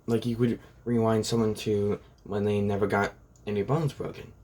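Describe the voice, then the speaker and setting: A man's voice: fairly low pitch, level tone, moderate pace, darkish tone. A man casually retelling a fan-made story in a rambling way, full of fillers. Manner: rambling, full of "like" and "pretty much".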